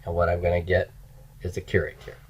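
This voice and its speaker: A man's voice: sits low, completely flat delivery, fast talker, darkish tone, slight background noise, rough recording. A man teaching Hebrew grammar in a recorded lecture, explaining step by step and chanting word forms for students to repeat.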